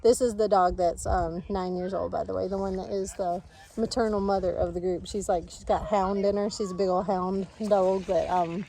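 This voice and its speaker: A woman's voice: medium pitch, fairly even intonation, moderate pace, creaky, mellow, slight background noise, low-quality recording. A woman, chatting casually to camera outdoors in her yard, rambling and laughing easily. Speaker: family farm vlogger.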